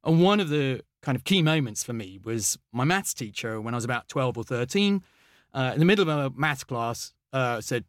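An English mathematician appears as an interview guest, eagerly telling stories packed with ums, uhs and restarts. His mid-range voice moves at normal speed in a dry, studio-quality recording.

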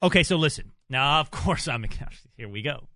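A man's voice: on the high side, lively intonation, moderate pace, bright, forceful tone, dry recording, studio quality. A man from Texas co-hosting a casual talk radio show, joking and poking fun at himself. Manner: joking, self-mocking. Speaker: radio co-host.

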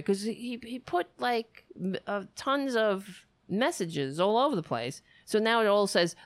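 A livestream host wraps up her stream with a rambling, affectionate bit of venting to her viewers. She speaks at medium pitch and a normal speed with few pauses, in a clean tone. There's no room sound.

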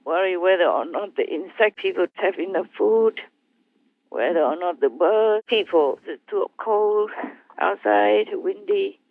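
A woman speaking as a spiritual teacher, talking gently and in a rambling way with hesitations. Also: medium pitch, expressive, unhurried, no echo. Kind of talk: casual talk over a phone line. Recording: tinny phone line, dry.

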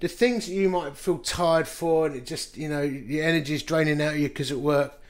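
Pastor guy in his 50s, fairly high voice, rattling off a quick sermon with jokey stories about himself. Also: steady tone. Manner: anecdotal, self-deprecating, chuckles while telling stories.

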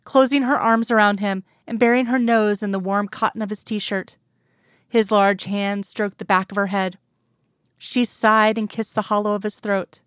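A woman reading a romance story aloud as narrator, in a calm, even storytelling manner. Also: medium pitch, normal speed, clear, resonant tone, no echo, studio quality. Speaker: audiobook narrator.

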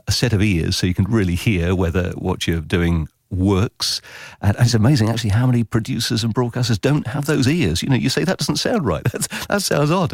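A man, a radio author giving a lively interview and acting out listeners' reactions. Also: low voice, dry recording, clean studio sound. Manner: animated, acts out listener reactions in quotes. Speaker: radio consultant and author guest. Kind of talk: podcast interview.

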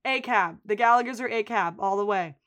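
Speaking fairly quickly in a mid-range voice, a female podcast co-host chats casually through a recap of a TV episode. She tells it as vivid storytelling, voicing the characters' lines and often breaking into laughter.

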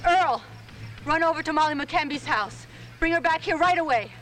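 An anxious mother who snaps out orders with urgency. Her voice sits high. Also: normal speed, fairly bright tone, soft background music, low-quality recording. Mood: urgent.

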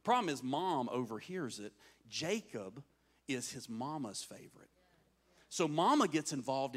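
A man's voice: mid-range voice, very animated, unhurried, a bit bright, slightly rough. A man preaching a sermon, telling a story and acting out its voices, often turning to the crowd with questions. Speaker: pastor.

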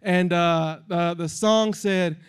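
A man giving a sermon as a guest speaker in a church service. He talks straight to the congregation, leads them in call-and-response, and builds to impassioned shouted exhortation. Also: high voice, fairly even intonation, slow pace, smooth.

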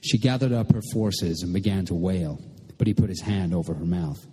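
A man narrating a novel in an audiobook, reading in a measured, literary way. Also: low voice, mellow, breathy edge, big-room sound.

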